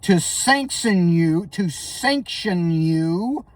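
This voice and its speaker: A woman's voice: on the low side, lively intonation, extremely slow, no echo, far from the mic. A man voicing a strict, intimidating older female judge who scolds in clipped phrases. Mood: scolding.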